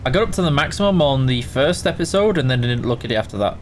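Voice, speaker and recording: A man's voice: medium pitch, expressive, fast, few pauses, slight background noise. A man hosting a casual live game stream, greeting viewers by name and answering chat while tired and yawning.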